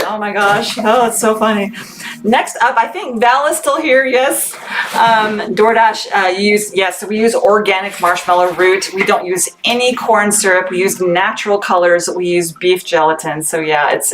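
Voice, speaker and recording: A chatty, bubbly woman who laughs often, running a casual live sales stream for her small family business while packing orders. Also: medium pitch. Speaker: small business owner selling on a livestream. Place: home workspace packing orders. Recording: background noise with clicks.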